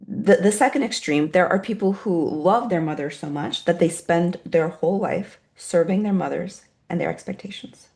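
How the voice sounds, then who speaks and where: A woman leading a guided meditation for an online group, speaking softly and slowly, then reading out chat replies and teaching more briskly. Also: lowish voice. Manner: soft, slow and soothing while guiding, then brisker reading out chat replies. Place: online video session.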